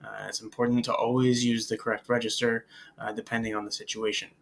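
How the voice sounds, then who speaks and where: Gravelly-voiced man teaching a French class. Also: mid-range voice, level tone, fast talker, slight background noise. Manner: patient, many filler "uh"s and "um"s; switches into careful French pronunciation models. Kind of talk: recorded slide lecture.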